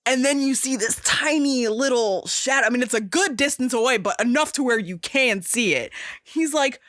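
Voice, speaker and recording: A young woman hosting a podcast, animatedly retelling a film scene by scene with frequent laughs and quick asides. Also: sits high, a bit bright, no echo, studio quality. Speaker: podcast host. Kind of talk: casual movie recap.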